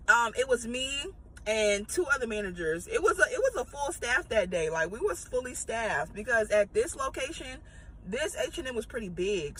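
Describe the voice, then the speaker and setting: A woman's voice: fairly high pitch, pushed and bright, husky, poor audio. A woman, a former retail manager, telling a casual storytime with profanity and rambling asides.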